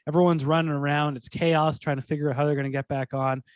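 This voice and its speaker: A man co-hosting a sports podcast, telling stories in a rambling, animated way full of restarts. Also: on the high side, fast, no room sound. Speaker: podcast co-host. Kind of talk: casual sports talk.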